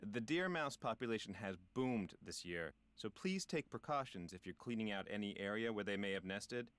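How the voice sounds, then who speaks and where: A man's voice: fairly low pitch, animated, normal speed, fairly bright tone, clear, resonant tone, no echo. A middle-aged man voicing a self-important, folksy park ranger in a video game, with a drawling, punny delivery. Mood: knowing.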